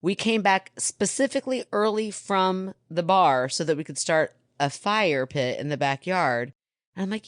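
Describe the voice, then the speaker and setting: A woman's voice: lowish voice, lively intonation, normal speed, no echo, studio quality. A woman in her forties co-hosting a podcast, chatting casually, joking and laughing often. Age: 40s. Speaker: podcast co-host. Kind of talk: casual chat.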